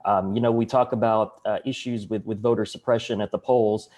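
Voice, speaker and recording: A man's voice: lowish voice, fairly even intonation, brisk, darkish tone. Earnest Southern man on a video call. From Arkansas, US. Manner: earnest, talks through statistics with restarts. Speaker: panelist, county election official. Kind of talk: online panel discussion.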